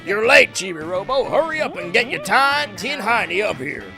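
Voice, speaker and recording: A man voicing a brash, hurried cowboy toy from a video game with drawling, bossy talk. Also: sits high, big pitch swings, over music, pitched above the performer's own voice.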